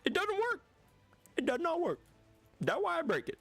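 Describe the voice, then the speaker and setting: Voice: extremely high pitch, wildly swooping pitch, normal speed, a bit bright, faint music behind, pitched above the performer's own voice, full character voice. A streamer putting on a goofy mock Swedish cook character, talking through puffed lips in a babbling comic accent that is hard to understand.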